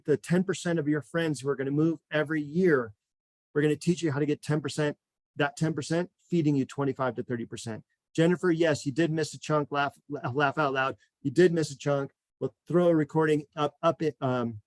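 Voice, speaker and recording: A man hosting a real estate webinar, talking in an energetic, repetitive motivational way and a little out of breath. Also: on the high side, dry recording. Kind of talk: enthusiastic webinar pitch.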